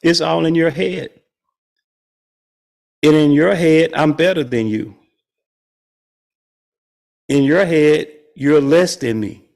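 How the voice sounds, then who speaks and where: A man's voice: on the high side, takes it slowly, creaky, long pauses. A man leading a spiritual study group, teaching in a conversational way and chuckling often. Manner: chuckles often, animated and playful.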